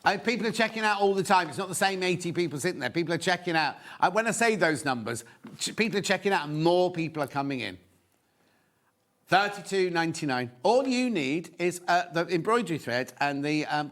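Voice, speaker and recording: A man hosting a live TV shopping show, chatty and excitable, with lots of asides. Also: a little high, a little fast. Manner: chatty and excitable, full of asides and sales counts. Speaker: shopping channel presenter. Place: TV studio.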